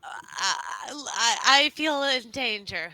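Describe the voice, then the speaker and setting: A woman's voice: fairly high pitch, animated, very slow, noisy background. A woman playing a tabletop horror game, speaking emotionally and dramatically. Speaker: player.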